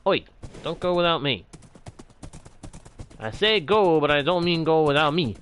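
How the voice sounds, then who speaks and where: A man's voice: on the high side, animated, measured pace, fairly bright tone, clear, resonant tone. A man casually commenting on his own game as he plays, playful and jokily grumbling to himself. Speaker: gaming channel host.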